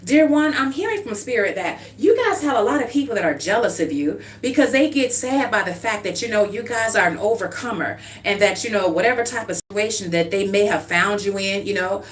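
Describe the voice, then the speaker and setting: A woman's voice: medium pitch, lively intonation, fairly quick, hardly any pauses. Chatty woman doing a tarot reading stream, mic kinda far off, faint hum behind her. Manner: chatty and informal, keeps asking "okay?" and calling the listener "dear one". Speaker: tarot card reader.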